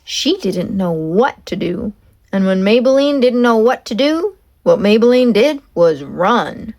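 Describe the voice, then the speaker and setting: Woman narrator, kids' read-aloud, fairly high voice, slow and expressive. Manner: expressive, emphatic storytelling. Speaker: storyteller.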